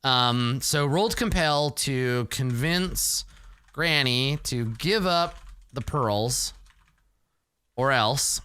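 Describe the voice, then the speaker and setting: Animated man playing a solo tabletop game. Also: medium pitch, extremely slow, clean tone. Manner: animated, self-deprecating, thinks aloud.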